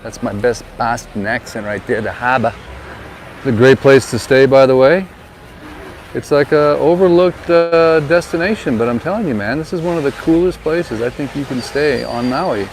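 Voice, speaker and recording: Filming as he strolls through a seaside town, this vlogger and real estate agent talks at a moderate pace in a mid-range, slightly mellow voice. Like a tour guide, he shares friendly pointers by the harbor and on a town street, captured in a rough recording with street noise.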